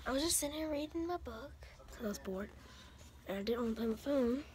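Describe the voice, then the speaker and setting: A woman chatting casually in a home vlog, rambling and often dropping into a hushed whisper. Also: fairly high pitch, animated, normal speed, long pauses. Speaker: vlogger. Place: home bedroom. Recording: noisy home recording with clicks.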